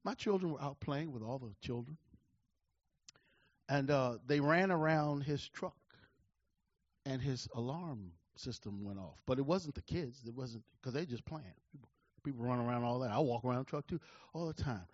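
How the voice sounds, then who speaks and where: A man in his forties preaching a sermon, calling out to the congregation and swinging between loud declarations and hushed, slow asides. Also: medium pitch, no echo, muffled recording. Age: 40s. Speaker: pastor.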